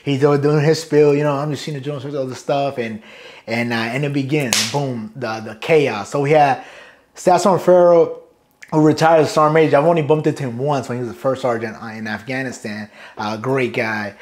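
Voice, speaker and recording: This Brooklyn-born Marine sergeant major speaks at a normal speed in a slightly mellow, mid-range voice. In a relaxed interview he spins crude, rambling tales from boot camp, frequently breaking into laughter.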